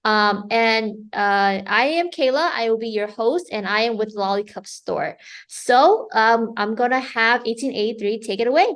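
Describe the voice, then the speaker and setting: A woman's voice: a little high, normal speed, a bit bright. A woman hosting and introducing a webinar, upbeat and welcoming, with some um and uh fillers. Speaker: webinar host.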